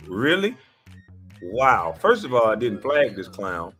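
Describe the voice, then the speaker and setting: Loud combative man ranting as host. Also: lowish voice, sing-song, takes it slowly, husky, faint music behind. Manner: loud, combative, repetitive insults. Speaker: streamer hosting an online panel. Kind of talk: heated commentary rant.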